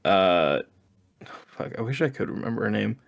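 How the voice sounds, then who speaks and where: A man's voice: lowish voice, animated, normal speed, gravelly. A young man co-hosting a podcast in casual chat. He laughs often and swears freely. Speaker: podcast co-host.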